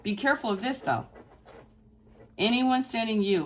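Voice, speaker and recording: A woman's voice: fairly high pitch, lively intonation, normal speed. Effusive woman giving a tarot reading. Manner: effusive and emphatic, repeating phrases for stress. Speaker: tarot reader. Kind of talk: casual spiritual tarot reading to camera.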